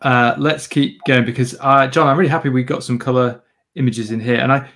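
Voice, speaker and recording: A man's voice: medium pitch, fairly even intonation, brisk, fairly bright tone. A man co-hosting an interview, agreeing with his guest and moving the conversation along with tag questions. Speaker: podcast co-host. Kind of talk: casual interview chat.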